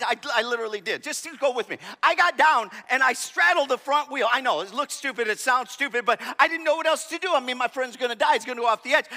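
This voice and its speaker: A man with a very high, piercing voice delivers a sermon in a big hall with long reverb. He tells a story with animation, jumping from shouts to near-whispers. His tone is sharp and bright throughout. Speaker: pastor.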